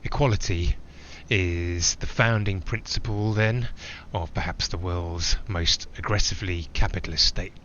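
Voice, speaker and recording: A man's voice: low-pitched, steady tone, measured pace, few pauses, fairly bright tone, dull audio, a little hiss or hum. An actor playing a man flying alone, who talks in a reflective, digressive way with small hesitations. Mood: musing. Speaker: narrator-pilot. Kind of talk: theatrical monologue.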